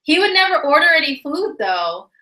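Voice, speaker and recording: A woman telling a funny personal story in a casual, animated way, laughing often and using lots of fillers. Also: sits high, moderate pace. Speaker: vlogger. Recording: roomy echo.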